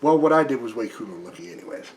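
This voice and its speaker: A man with a slightly hoarse voice giving a casual, chatty comic book review, full of ums and restarts. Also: medium pitch, expressive, racing, slight background noise.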